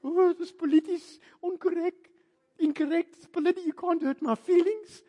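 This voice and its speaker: A man voicing a touchy, indignant churchgoer in a mocking, shrill whine. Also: steady tone, normal speed, warm tone. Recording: long reverb of a large hall.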